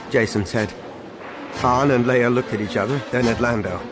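A man narrating a science-fiction audiobook with a dramatic, expressive reading. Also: medium pitch, moderate pace. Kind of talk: scripted narration. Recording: music clearly behind.

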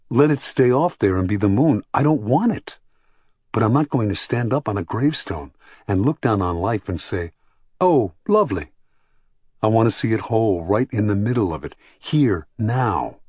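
A man's voice: lowish voice, very animated, moderate pace, darkish tone, husky, no echo, studio quality. A man reading an audiobook, voicing a passionate, defiant young woman with a raised voice.

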